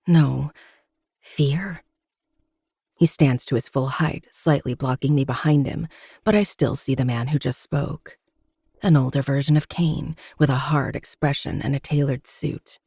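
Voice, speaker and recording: A man hosting a podcast, reading a romance novel aloud in steady, dramatic first-person narration. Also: medium pitch, creaky, husky, dry recording, studio quality. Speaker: podcast host.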